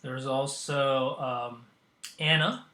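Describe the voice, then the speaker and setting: A man hosting a software tutorial, demonstrating as he goes and pausing often with ums and uhs. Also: medium pitch, steady tone, roomy sound. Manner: hesitant, with frequent ums and uhs. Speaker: tutorial host. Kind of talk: screen-recorded software tutorial.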